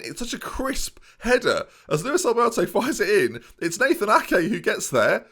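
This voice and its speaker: A man doing excitable let's play commentary, talking straight to his viewers with mock-boastful swagger. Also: high voice, normal speed, few pauses. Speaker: gaming YouTuber.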